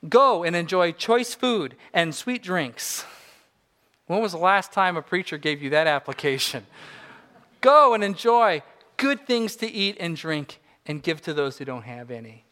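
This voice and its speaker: Man in his forties, earnest preacher, slightly high voice, soft then emphatic. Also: expressive, unhurried. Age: 40s. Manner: earnest, swings between soft reflection and rising emphasis. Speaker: pastor. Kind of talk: sermon.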